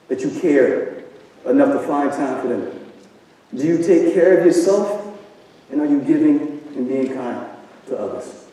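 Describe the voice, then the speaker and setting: A man delivers a motivational talk to a live audience, pressing them with question after question in a preachy style. His voice sits a little high but sounds mellow and dark. It is heard from a distance in a large, booming hall with long reverb. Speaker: event speaker. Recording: echoey hall from far off.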